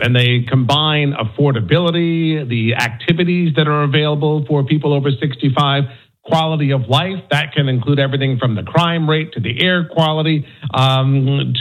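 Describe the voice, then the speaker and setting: A man's voice: fairly high pitch, poor audio. A man working as a national correspondent, explaining a ranking on radio, with frequent ums and uhs. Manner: explanatory, with many fillers.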